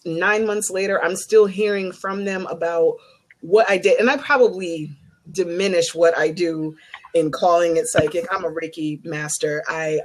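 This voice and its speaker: A woman who works as a psychic and Reiki master, telling a candid, animated story in a casual group video chat. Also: fairly low pitch, low-quality recording.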